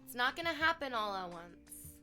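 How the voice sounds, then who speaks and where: A woman streamer chatting casually on stream, animated and swearing freely, swinging between soft reflection and loud emphasis. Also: on the high side, moderate pace, soft background music.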